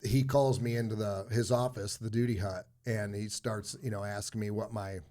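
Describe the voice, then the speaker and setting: A man's voice: lowish voice, fairly even intonation, moderate pace, dark tone. Rambling storyteller man. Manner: rambling, filler-heavy anecdote telling. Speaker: podcast guest, former Marine. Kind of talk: casual storytelling.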